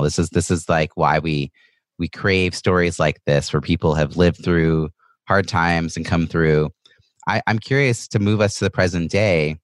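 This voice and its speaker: A man's voice: low voice, no echo. A man hosting a podcast interview, thoughtful and reflective, affirming his guest. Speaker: podcast host. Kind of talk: interview conversation. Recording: dry close recording.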